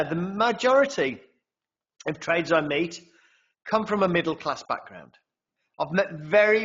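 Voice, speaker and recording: A man's voice: on the high side, a bit bright, dull audio. A man presenting a trading webinar in a conversational way, often tagging sentences with "right?". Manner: conversational, frequent tag "right?".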